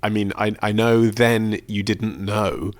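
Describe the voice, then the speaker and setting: A man's voice: fairly low pitch, fairly even intonation, takes it slowly, dry recording. A British man hosting a podcast, asking short questions and reading the outro. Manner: brief, reactive questions. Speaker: podcast host. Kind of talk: interview and show outro.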